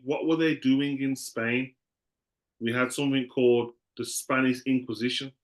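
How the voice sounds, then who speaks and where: A man teaching a class in a loose, conversational way, often repeating himself. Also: medium pitch.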